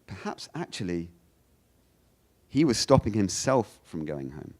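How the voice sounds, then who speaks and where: A man from the United Kingdom giving a lecture, animated, often restarting his sentences and acting out quoted lines. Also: fairly low pitch, a little slow. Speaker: speaker giving a talk.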